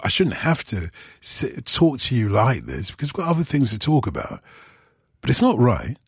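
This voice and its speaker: A man's voice: deep voice, husky, no room sound, studio quality. A man presenting a radio phone-in, explaining himself earnestly and chatting with callers. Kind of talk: casual radio phone-in chat. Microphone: studio microphone.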